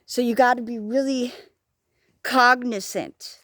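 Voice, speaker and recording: A woman's voice: fairly high pitch, steady tone, slow pace, fairly bright tone, no echo, clean studio sound. Frank, rambling woman vlogging on a walk. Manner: frank, rambling, swears freely, jokes at herself. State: hard of hearing. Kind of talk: casual talking-to-camera vlog. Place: outdoors on a walk.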